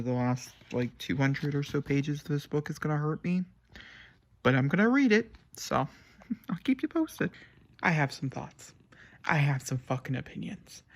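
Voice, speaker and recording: A young man chatting casually to camera about a book he is reading, excitable and rambling, with sudden jumps up into high squeals. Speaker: book reviewer. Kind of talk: casual book vlog chat.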